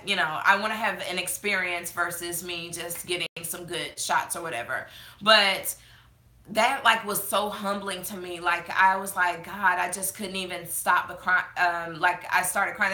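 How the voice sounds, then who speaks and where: A woman's voice: on the low side, steady tone, moderate pace, pushed and bright, roomy sound. A woman chatting casually on a live stream, reading viewer comments with many fillers, tearful and fighting back crying. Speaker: beauty vlogger hosting a live chat.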